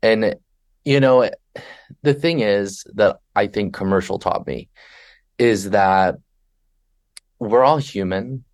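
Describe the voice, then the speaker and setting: Lively low-voiced man telling stories. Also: takes it slowly, long pauses. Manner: animated storyteller who acts out passengers and himself. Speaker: podcast guest, flight attendant. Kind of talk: conversational podcast interview.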